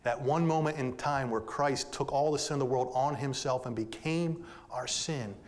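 A man preaching a sermon to his congregation, calling them "folks", moving between soft, intimate passages and loud, emphatic peaks. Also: mid-range voice, normal speed. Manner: addresses listeners directly as "folks". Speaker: pastor.

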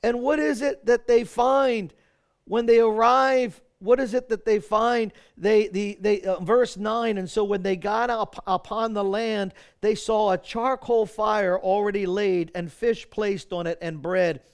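A man's voice: high voice, steady tone, measured pace, clean tone. A man preaching a sermon, reading scripture aloud in an earnest, folksy way, often checking in with "right?". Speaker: pastor.

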